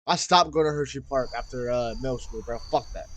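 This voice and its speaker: A man's voice: mid-range voice, fairly quick, soft background music. A young man hosting a reaction video, chatting casually in slangy, profane talk and saying bro constantly.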